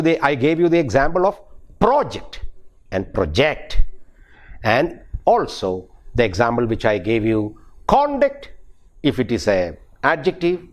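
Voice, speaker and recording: A man with a Malayali English accent, a professor giving a recorded pronunciation lecture, who repeats and restarts his phrases and spells out example words letter by letter. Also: medium pitch. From Kerala, India.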